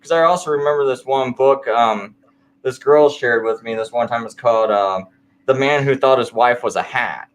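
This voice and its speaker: A man's voice: mid-range voice, normal speed. Rambling man telling a faith story. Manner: rambling, filler-heavy storytelling. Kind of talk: casual late-night conversation.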